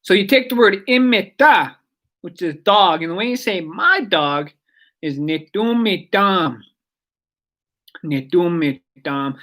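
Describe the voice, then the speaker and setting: A woman giving a casual radio language lesson, chatty and digressive, repeating words slowly for learners. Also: medium pitch, sing-song, a bit bright.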